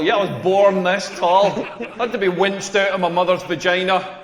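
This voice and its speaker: A Scottish man in his forties performs stand-up with a wry, self-mocking delivery. His voice sits high for a man. The room is echoey, with a long reverb tail. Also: fairly even intonation, normal speed, a crowd in the background. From Scotland. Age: 40s. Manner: wry, self-mocking, laughing through punchlines. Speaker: stand-up comedian. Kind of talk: stand-up comedy set. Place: comedy club stage.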